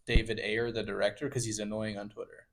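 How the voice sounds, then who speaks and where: A fast-talking young man, blunt and sarcastic, who swears without a second thought. His words come in quick bursts. A clear layer of background noise sits under his voice. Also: lowish voice, level tone. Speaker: podcast guest. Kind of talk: casual chat among friends.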